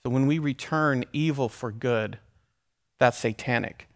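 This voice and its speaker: A pastor preaching a sermon in a conversational way, with side remarks and restarts. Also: male voice, medium pitch, unhurried.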